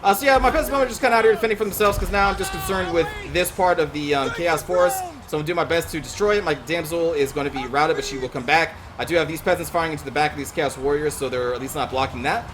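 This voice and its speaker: Fast-talking high-voiced man narrating a battle. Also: noisy background. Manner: quick, excitable, swears in frustration. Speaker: gaming YouTuber commentating his own match. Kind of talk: casual gameplay commentary.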